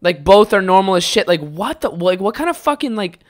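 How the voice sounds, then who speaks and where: A young man with a fairly high voice hosting a casual solo podcast, rambling and swearing a lot as he tells stories. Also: brisk. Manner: rambling, heavy swearing, animated storytelling. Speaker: podcast host.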